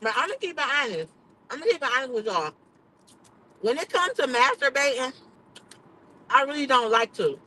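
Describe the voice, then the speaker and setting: A woman hosts her own livestream, chatting candidly in a high, expressive voice with a sharp tone. She speaks at normal speed but pauses often, swearing plenty and laughing a lot. The recording is rough.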